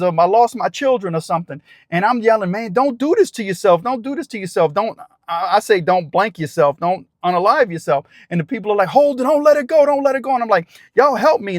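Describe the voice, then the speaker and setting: Dude with a pretty high voice telling a crazy story, acting out all the yelling, dry close sound. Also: male voice, no echo. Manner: excited, acts out shouted quotes, rambling restarts. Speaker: channel host telling a true story. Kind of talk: animated storytelling to camera.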